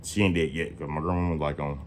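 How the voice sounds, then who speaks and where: A man in his late twenties telling a story in casual, slangy, profane talk, often jumping into high-pitched quoted dialogue. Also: little pitch movement, fast, slight background noise.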